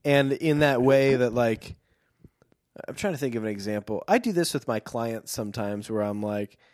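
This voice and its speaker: A man's voice: medium pitch, moderate pace, a little mellow, no room sound, studio quality. A man co-hosting a podcast, chatting casually and reading a book aloud in playful voices. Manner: joking, acts out quoted lines.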